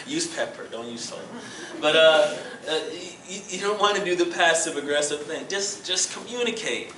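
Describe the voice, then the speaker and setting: A man with a fairly high-pitched voice teaches a relationship class in a church room at a moderate pace, with background noise present. Animated and funny, he acts out examples with jokes and laughter, captured by a distant, echoey room mic.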